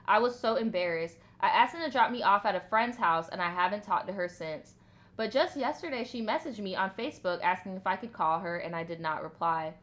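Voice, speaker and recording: Bright, animated storytime host woman. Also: mid-range voice, a little fast. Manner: animated, profane, laughing reactions. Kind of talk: casual storytime commentary.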